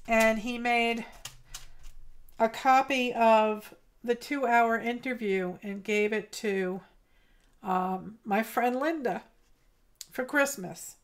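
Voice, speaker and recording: A woman hosting a casual art livestream, chatting softly and greeting viewers by name as she paints. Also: on the high side, clear, resonant tone.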